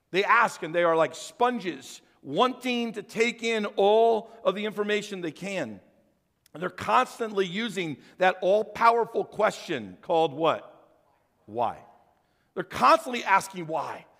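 An older man preaching a sermon, telling animated stories and acting out the voices in them. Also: sits high. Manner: animated storytelling, acts out voices. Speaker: pastor. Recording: long church hall reverb.

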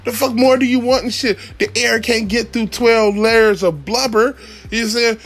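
A man, a father and rideshare driver, telling a profane comic story, shouting high then muttering low. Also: steady tone, moderate pace, soft background music. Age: adult father.

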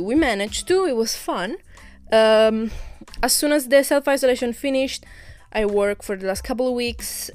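A young woman from Italy hosting her own podcast, chatting casually in a rambling way with many restarts and little laughs. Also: medium pitch. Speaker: podcast host. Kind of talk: casual solo podcast chat.

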